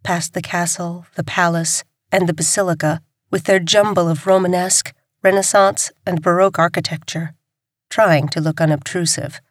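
Brief: female audiobook narrator, lower register, dead-dry studio sound. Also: steady tone, normal speed, dry recording. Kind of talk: scripted narration.

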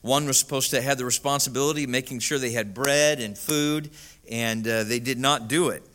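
Male pastor, sermon storyteller, bright forward tone, filler-heavy delivery. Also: medium pitch, steady tone, brisk. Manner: storytelling with many "uh" fillers, rising to emphatic peaks.

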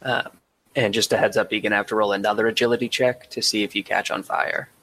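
A man's voice: lowish voice, steady tone, fast talker, fairly bright tone, slight background noise, rough recording. A man explaining tabletop game rules in a matter-of-fact way, with frequent filler sounds. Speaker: rules helper.

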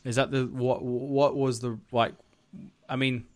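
Male co-host, mid-pitched, rambling and loose, dry close recording. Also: level tone, measured pace, dry recording. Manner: rambling, searching for words with many fillers. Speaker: podcast co-host. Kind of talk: casual chat.

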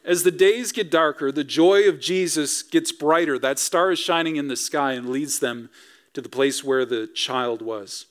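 Conversational pastor preaching a sermon. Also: male voice, fairly high pitch, unhurried. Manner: conversational, asks the congregation rhetorical questions. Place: church sanctuary.

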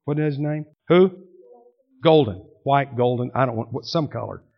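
A man's voice: medium pitch, normal speed, creaky. An older man preaching a sermon to his congregation, telling family stories in a folksy way and teasing people in the pews. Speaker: pastor. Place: church sanctuary. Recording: muffled lo-fi church recording.

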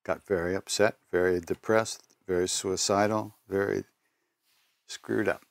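An older man speaks as a spiritual teacher, his low voice carrying a gravelly edge. He tells personal stories and answers questions at an unhurried, reflective pace, pausing and correcting himself as he goes. The sound is close and dry. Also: little pitch movement, no echo.

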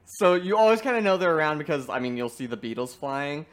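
A young man chatting casually about video games, animated and often breaking into laughter. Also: on the high side, fast talker.

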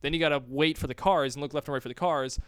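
A man's voice: a little high, fairly even intonation, fast talker, clear, resonant tone, no echo, studio quality. A young man from Canada co-hosting a podcast, chatting casually in a rambling, playful way and laughing often. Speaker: podcast co-host. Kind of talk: casual chat.

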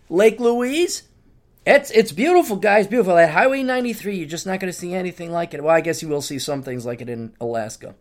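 Middle-aged guy doing his podcast, rambly and animated, kinda high voice. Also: fairly quick. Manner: rambling, animated storytelling with laughter. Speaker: podcast host. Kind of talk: casual monologue.

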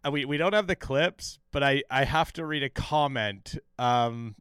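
A man's voice: medium pitch, moderate pace, fairly bright tone, clear, resonant tone, no room sound, clean studio sound. Rambling, profane man recapping a show. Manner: rambling, profane, lots of fillers and restarts. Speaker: podcast co-host recapping a TV episode. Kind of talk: casual chat.

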